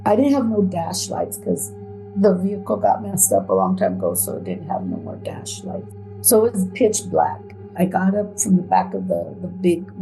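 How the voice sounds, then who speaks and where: A woman telling her own story in a halting, hesitant way, with pauses and repeated words. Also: lowish voice, vocal fry, dark tone, poor audio. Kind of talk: emotional first-person account.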